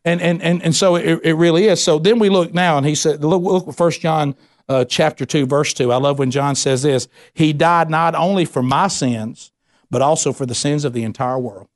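Folksy preacher man, slightly high voice. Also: normal speed. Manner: preaching with call-and-response questions to the congregation; folksy, says y'all, tells anecdotes. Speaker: pastor. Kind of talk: sermon.

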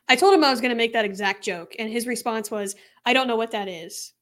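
A young woman co-hosts a true crime podcast, chatting casually and laughing often mid-sentence in a giggly way. Her voice sits on the high side with a fairly bright tone, and she talks a little fast.

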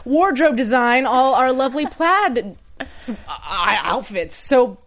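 A woman's voice: high voice, animated, takes it slowly, crowd noise. A woman hosting a casual TV recap podcast, chatty and playful, wandering off into jokey tangents. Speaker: podcast host.

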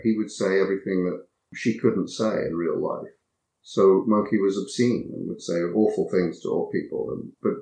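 A man with a very low voice, talking as an interview guest about his acting work. He is reflective and halting and often repeats a word as he gathers his thoughts. His voice carries a noticeable roomy echo. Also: creaky, a little mellow. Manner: reflective, halting, repeats words while thinking. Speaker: actor being interviewed. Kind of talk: anecdotal interview chat.

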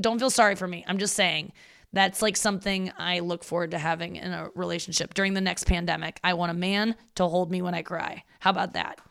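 Candid woman in her thirties, smooth voice. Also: on the low side, a bit bright. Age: 30s. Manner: candid, rambling, self-deprecating, swears freely. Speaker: podcast host. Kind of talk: casual confessional monologue.

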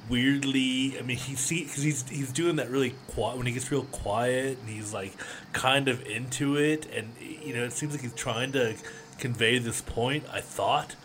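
A man's voice: medium pitch, measured pace, fairly bright tone, a little hiss or hum. A man co-hosting a podcast in casual chat, rambling and laughing often. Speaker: podcast co-host.

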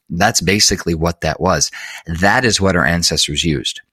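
Man, low voice with a bright edge, earnest interview guest who repeats himself for emphasis and corrects his slips. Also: dry recording, clean studio sound. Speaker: guest expert. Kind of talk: explanatory interview talk.

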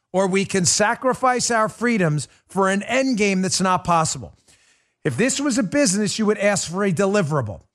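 A man's voice: sits high, a bit bright. A man hosting a political podcast, delivering an emphatic, indignant commentary monologue that repeats its points.

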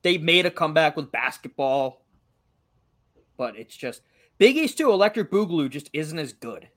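Young male co-host, light Massachusetts accent, high lively voice, jokey and profane. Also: normal speed. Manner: animated, joking, swears freely. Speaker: podcast co-host. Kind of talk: casual chat.

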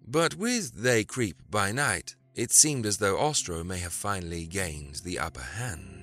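A man narrating a story in an expressive, dramatic reading style. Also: sits low, a little slow. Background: faint music.

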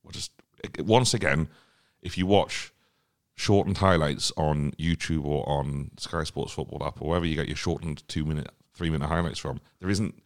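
A man's voice: very deep voice, normal speed. A man hosting a football podcast, chatting casually and handing topics over to his co-hosts. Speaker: podcast host.

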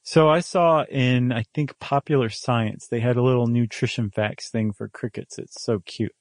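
A man's voice: mid-range voice, steady tone, normal speed, no room sound, studio quality. A man co-hosting a podcast, chatting casually and joking, with frequent ums as he thinks aloud. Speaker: podcast co-host. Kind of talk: casual chat.

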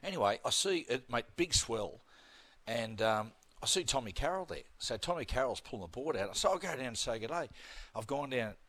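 A man's voice: mid-range voice, animated, moderate pace, fairly bright tone, dry recording. A middle-aged man with an Australian accent, a guest host chatting casually and telling laughing, blokey stories. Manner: laughing storyteller, blokey banter. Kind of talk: casual sports chat.

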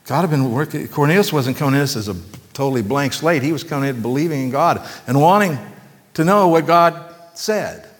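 Folksy pastor in a reverberant church. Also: male voice, on the high side, expressive, brisk. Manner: folksy, joking asides to the congregation. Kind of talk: conversational sermon.

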